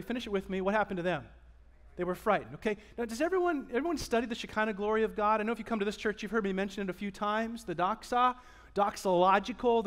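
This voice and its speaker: A man pastor preaching a sermon in a church, emphatic and animated, drawing call-and-response from the congregation. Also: high-pitched. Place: church sanctuary.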